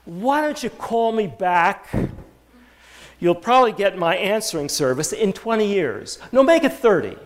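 A preacher doing wisecracking young Jeremiah. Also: male voice, high-pitched, sing-song, unhurried. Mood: stalling.

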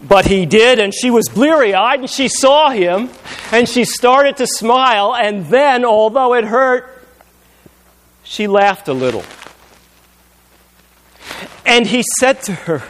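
A man preaching a sermon, moving between loud, emphatic passages and hushed, intimate storytelling. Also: very high-pitched, animated, takes it slowly, long pauses.

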